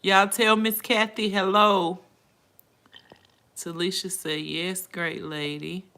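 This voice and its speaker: A woman's voice: fairly low pitch, little pitch movement, takes it slowly, sharp tone, smooth. A middle-aged woman hosting a casual live stream from her phone, reading viewers' comments aloud and answering them in an emotional, outspoken way.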